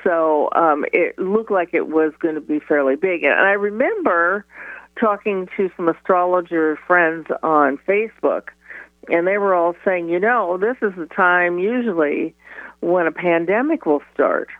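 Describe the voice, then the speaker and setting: A woman astrologer, a guest on a radio interview by phone, chatty and quick to laugh, with many restarts. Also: lowish voice, no room sound. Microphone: telephone. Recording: tinny phone line.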